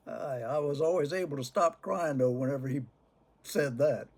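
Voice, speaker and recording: Husky older man telling stories, chuckling. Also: fairly high pitch, darkish tone. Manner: chuckles through his stories. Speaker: cigar vlogger. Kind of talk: casual storytelling to camera.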